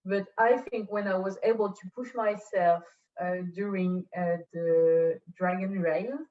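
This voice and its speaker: A woman from France with a French accent, a guest in a casual interview, speaking English haltingly and searching for words over a video call. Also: mid-range voice, steady tone. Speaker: podcast guest. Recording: distant, dull call audio.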